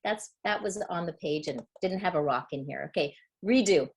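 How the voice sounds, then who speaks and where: A woman literacy educator giving a webinar presentation, explaining reading skills and sounding out words slowly. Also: lowish voice, slightly rough. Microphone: webinar computer mic.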